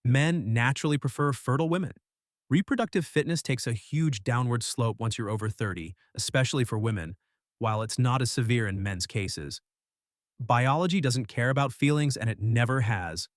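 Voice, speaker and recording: A man narrating a scripted voice-over in a calm, matter-of-fact way. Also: medium pitch, normal speed, no room sound, clean studio sound.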